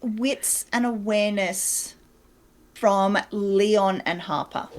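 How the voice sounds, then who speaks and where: Woman storyteller for a tabletop game, slow and halting, filler-heavy scene narration. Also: mid-range voice. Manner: unhurried, searching for words with frequent fillers.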